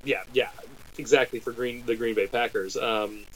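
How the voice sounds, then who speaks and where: An American man chatting on a podcast, animated and rambling, with quick asides and restarts. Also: medium pitch, rough recording. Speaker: podcast co-host. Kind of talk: casual chat.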